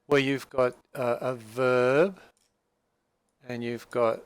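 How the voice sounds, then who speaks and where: A man's voice: medium pitch, steady tone, takes it slowly, clear, resonant tone, dry recording. A man teaching a language class, explaining a dialogue patiently with frequent fillers and restarts.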